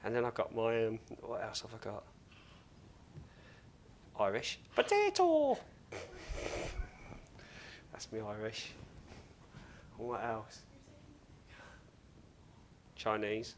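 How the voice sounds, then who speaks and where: A man with a lowish voice talks through a recipe in his home kitchen. He keeps it casual and chatty, tossing in jokes at his own expense. A faint hum of kitchen noise sits behind him. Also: level tone, slow pace, long pauses. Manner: chatty, joking, self-mocking asides. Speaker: cooking show host. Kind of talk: casual cooking demonstration.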